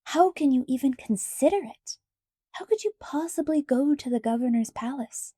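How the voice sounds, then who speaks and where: A woman's voice: high-pitched, expressive, normal speed, warm tone, dry recording, clean studio sound, voice pushed up. A woman voicing an earnest young male apprentice in a storybook reading, insistent and indignant.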